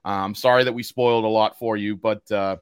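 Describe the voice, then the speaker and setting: A man's voice: lowish voice, steady tone, fairly quick, smooth, no room sound, clean studio sound. A man with a Boston accent hosting a casual podcast, rambling through fillers and restarted sentences. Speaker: podcast host.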